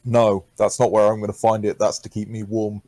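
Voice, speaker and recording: A man voicing a gruff, weary grown man who answers in short, deadpan lines in a tabletop role-play. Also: lowish voice, brisk, dry recording, lightly acted. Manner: terse, dry, deadpan replies.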